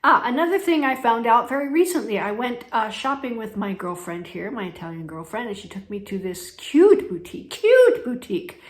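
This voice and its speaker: A woman's voice: fairly high pitch, brisk, hardly any pauses. Gal from the us chatting on her vlog, laughs a lot while she tells stories, echoey room. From United States. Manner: chatty storyteller, laughs between sentences. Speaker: travel vlogger. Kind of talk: casual chat.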